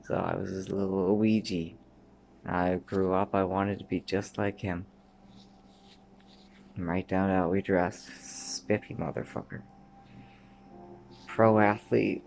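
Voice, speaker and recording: With long pauses and a slightly slow pace, a Canadian man in his thirties shares his memories, meandering between subjects, swearing frequently and sometimes falling to a mutter or whisper. His low, gravelly voice is flat and darkish in tone, over slight background noise.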